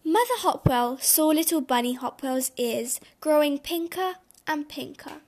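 A woman reading a children's storybook aloud in a gentle, expressive way. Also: high-pitched, unhurried.

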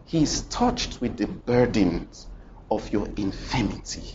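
A man's voice: sing-song, takes it slowly, slight background noise. A man preaching a sermon, telling a story dramatically and putting questions straight to the congregation, with repeated phrases. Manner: dramatic storytelling with sudden swings in pitch and loudness; addresses the congregation directly with questions and repetition. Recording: dull lo-fi recording with faint ambience.

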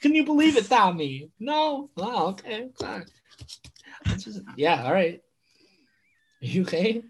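A man putting on an excitable Italian-American tourist who gushes and exclaims at everything. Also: sits high, measured pace, pauses often, a little hiss or hum, pitched above the performer's own voice. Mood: gushing. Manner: gushing, exclamatory.

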